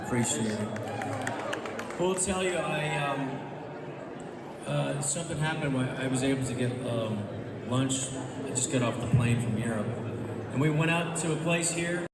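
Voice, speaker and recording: A man's voice: mid-range voice, a little fast, vocal fry. Brief: male comic telling a meandering anecdote, echoey room, noisy background. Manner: rambling, hesitant storytelling. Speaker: comedian guest. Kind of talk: stand-up style anecdote on a talk show. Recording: distant roomy clip, background noise.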